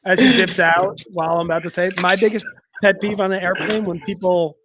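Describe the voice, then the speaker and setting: A man co-hosting a podcast, chatting casually and dropping quick, short interjections. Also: high-pitched, fairly even intonation, very noisy. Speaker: podcast co-host.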